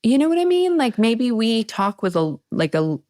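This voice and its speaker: A woman from the Pacific Northwest hosting a casual chat, animated and swearing freely. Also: fairly high pitch, normal speed, no echo, clean studio sound. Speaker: podcast host.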